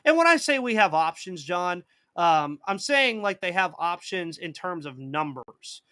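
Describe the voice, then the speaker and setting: A man's voice: high voice, sing-song, a little slow, sharp tone, no echo. A man hosting a live sports podcast in casual chat, reading out viewer comments and answering them, with a slight cough. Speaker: podcast host.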